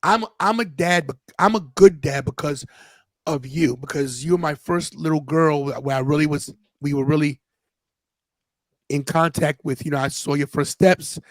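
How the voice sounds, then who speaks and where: A man's voice: a little high, normal speed, no echo, poor audio. A man in his fifties hosting a podcast, telling a personal story in an earnest, casual way and often restarting his sentences. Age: 50s. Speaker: podcast host.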